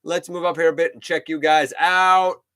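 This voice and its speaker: A middle-aged man with a slightly high, pushed, bright voice hosts a live toy-collecting show. He chats casually at a moderate pace with fairly even intonation, greeting viewers by name.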